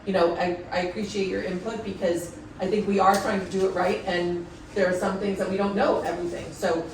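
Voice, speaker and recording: A woman's voice: mid-range voice, level tone, brisk, slight background noise. A woman at a public board meeting, speaking conciliatorily and hesitantly, with many restarts. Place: town meeting room. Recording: echoey room from far off.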